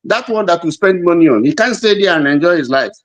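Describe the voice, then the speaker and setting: A man's voice: on the high side, lively intonation, fast. Indignant man with frequent stammered restarts. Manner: hesitant restarts, indignant, repeats words. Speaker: panelist. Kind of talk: online panel discussion.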